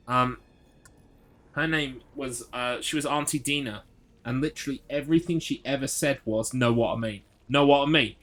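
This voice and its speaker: A man's voice: mid-range voice, bright, forceful tone. A man chatting casually while streaming a horror game, rambling through stories and swearing freely. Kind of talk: casual live gameplay chat.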